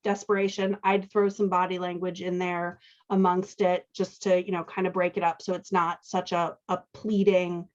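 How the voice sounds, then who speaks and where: A woman's voice: on the low side, flat delivery, moderate pace, hardly any pauses. Woman host talking through edits, lo-fi. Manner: thinks aloud, often checks in with "right?". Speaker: host and dialogue editor. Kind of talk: casual teaching chat while editing a manuscript.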